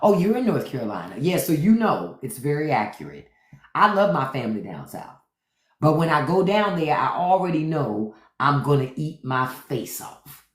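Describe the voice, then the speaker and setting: Lively man riffing on a livestream. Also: fairly high pitch, moderate pace, roomy sound. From Washington, D.C. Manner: animated, profane riffing. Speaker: podcast host. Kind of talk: casual livestream chat.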